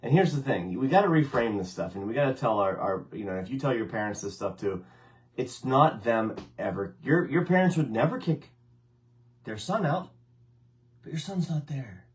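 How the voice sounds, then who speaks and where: Man, earnest co-host, emphatic repetition, animated swings in pitch, sitting back from the mic. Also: moderate pace, far from the mic. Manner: earnest, emphatic, repeats points for stress. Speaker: co-host, person in recovery. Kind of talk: casual chat.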